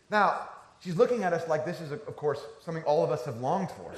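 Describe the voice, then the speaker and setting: A man's voice: fairly high pitch, lively intonation, fairly quick, roomy sound. A man in his thirties, a pastor giving a conversational, storytelling sermon.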